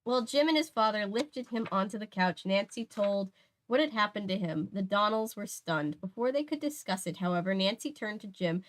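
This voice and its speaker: A woman's voice: mid-range voice, lively intonation, moderate pace. A woman reading a mystery novel aloud at home, chatty, stopping to correct herself and add asides. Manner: chatty, laughs, restarts, self-corrects. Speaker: book reader. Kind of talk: casual read-aloud with asides.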